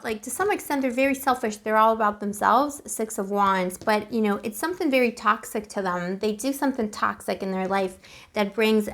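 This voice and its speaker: A woman giving a casual, chatty tarot reading to camera. She is emotional and keeps calling the listener boo. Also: medium pitch. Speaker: tarot reader.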